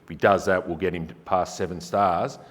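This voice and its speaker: An Australian man with a lowish voice gives a casual but emphatic public talk, throwing rhetorical questions at the crowd. His voice carries a long echo from a large hall. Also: fairly even intonation, brisk. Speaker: energy efficiency presenter. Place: forum venue hall. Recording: reverberant hall.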